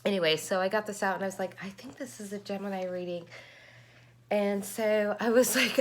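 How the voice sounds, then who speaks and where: A woman's voice: mid-range voice, steady tone, brisk. A woman tarot reader in a rambling, chatty vlog, often stopping to correct herself. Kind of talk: casual tarot reading chat.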